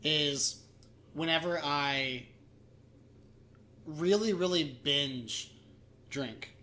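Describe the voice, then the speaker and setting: Bright-voiced rambling male podcaster. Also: a little high, extremely slow, a little hiss or hum. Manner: rambling, laughing, graphic storytelling. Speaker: podcast co-host. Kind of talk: crude casual chat.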